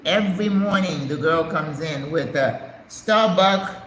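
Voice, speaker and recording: A woman's voice: low voice, a little slow, a bit bright. An older woman, a retired nurse practitioner, hosting a casual live chat and telling stories with emphatic, preachy asides. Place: home in Panama. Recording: echoey room with faint background noise.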